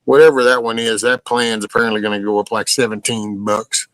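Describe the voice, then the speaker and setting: A man's voice: lowish voice, level tone, a little fast, fairly bright tone, dry recording, poor audio. Blunt folksy older man, dry sound. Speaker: live-stream host. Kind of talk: casual live-stream chat reading comments.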